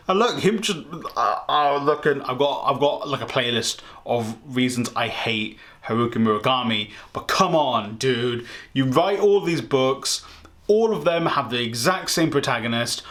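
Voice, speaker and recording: Exasperated ranting young man. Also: mid-range voice. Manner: animated, profane, exasperated. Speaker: book vlogger. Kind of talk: ranting book review vlog.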